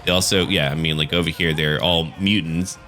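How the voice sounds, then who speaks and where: A man's voice: very deep voice, steady tone, brisk, sharp tone, soft background music. A man casually commenting on a strategy game battle, chatty and joking. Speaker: gaming channel host.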